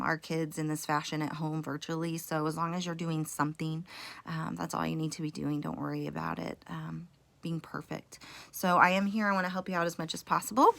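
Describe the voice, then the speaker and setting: A woman's voice: lowish voice, gravelly, a bit bright, dry recording. A woman teacher recording a mini reading lesson at home for parents and kids, explaining step by step in a patient way with frequent fillers.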